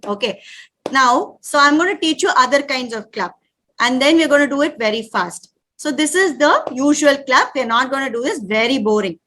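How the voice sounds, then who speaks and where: Lively bright-voiced Indian woman leading games. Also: on the high side. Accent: Indian English. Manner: lively, calls out commands in rapid drills. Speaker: workshop leader for parents. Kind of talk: live parent workshop, leading clapping games. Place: room with a live audience.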